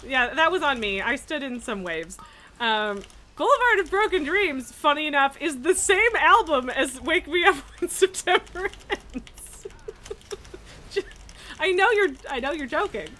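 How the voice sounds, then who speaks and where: Woman streamer, high-ish bright voice, slow easy chatter, lots of laughing and swearing. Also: animated, a little hiss or hum. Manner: laughs often, swears casually. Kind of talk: casual chat while gaming.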